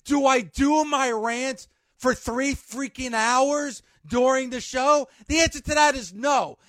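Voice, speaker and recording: A man's voice: extremely high pitch, slow pace, fairly bright tone, dry recording. A man hosting a sports radio show, ranting emphatically with an exasperated, pleading push.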